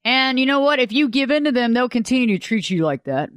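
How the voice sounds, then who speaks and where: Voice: medium pitch, very animated, fast talker, a bit bright, no echo. A radio talk show host, delivering a folksy, conversational monologue.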